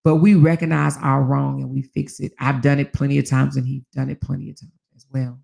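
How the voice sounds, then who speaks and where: A woman hosting a casual talk channel, telling stories to her viewers with animated delivery, frequent laughs and casual swearing, acting out the lines she quotes. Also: a bass voice, brisk, creaky. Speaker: host.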